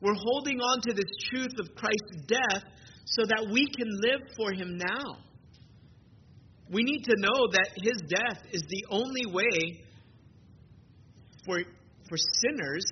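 A man with a high voice preaches an earnest sermon at a church service, leaning on key phrases with slow emphasis. The recording is dull and lo-fi with a clear hiss underneath. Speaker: pastor.

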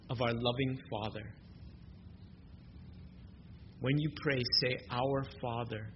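A man preaching a sermon as pastor, earnest, moving between soft, quiet stretches and emphatic rises. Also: medium pitch. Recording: dull lo-fi recording with noise.

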